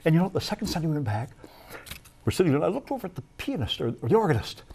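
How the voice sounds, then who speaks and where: A man telling his life story as a guest in a studio interview, animated and quick to act out what others said. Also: fairly high pitch, gravelly, slight background noise. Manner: animated, acts out quoted voices, repeats words when excited. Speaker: guest sharing his testimony. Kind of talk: lively personal storytelling.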